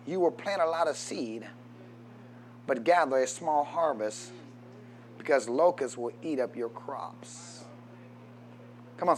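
With a fairly high-pitched voice, a man preaches a sermon, reading scripture and then rising into shouted call-and-response with the congregation.

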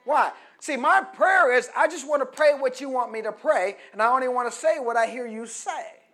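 A middle-aged man preaching a sermon, prompting the congregation to finish his phrases and swinging between quiet teaching and loud, emphatic preaching. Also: very high-pitched, moderate pace.

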